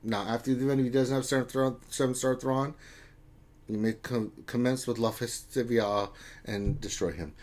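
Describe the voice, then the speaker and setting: A man's voice: mid-range voice, fairly even intonation, normal speed, darkish tone. Joking man reading live chat. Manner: joking, reads chat names aloud with playful teasing. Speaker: co-host reading viewer chat. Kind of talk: casual live-stream chat.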